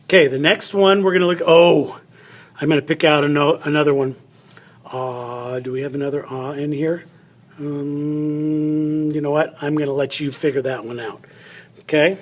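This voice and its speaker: A man's voice: fairly high pitch, steady tone, moderate pace. A middle-aged male teacher giving a chatty phonics lesson, thinking aloud as he cuts paper and writes. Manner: chatty, thinks aloud while cutting and writing.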